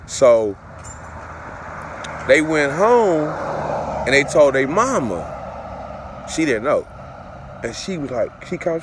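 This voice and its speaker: A man telling a personal story in a loose, conversational way, full of curses and repeated phrases. His voice is pitched a little high for a man and rises and falls a lot. Faint traffic noise hums in the background. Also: sing-song, slow, long pauses. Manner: repetitive, profane, conversational. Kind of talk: casual storytelling to camera.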